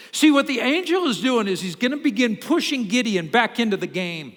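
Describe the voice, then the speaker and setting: A male pastor preaching a sermon, telling a story with lively, acted-out quotes. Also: sits high, fast talker, few pauses. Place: church sanctuary. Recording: long hall reverb.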